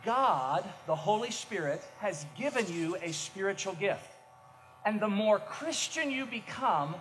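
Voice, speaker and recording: A middle-aged male pastor delivers a sermon in a high voice, energetic and poking fun at himself as he tells stories. His voice rings out with a long hall reverb, and faint noise sits underneath. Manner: energetic, self-mocking storytelling with bursts of shouting.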